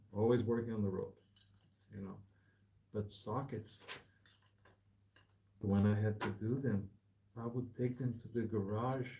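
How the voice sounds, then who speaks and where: Gravelly chatty man in a bike shop. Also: on the low side, mellow, slight background noise. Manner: rambling, chatty, peppered with "man" and "bro". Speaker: bike repair vlogger. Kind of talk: casual chat while working.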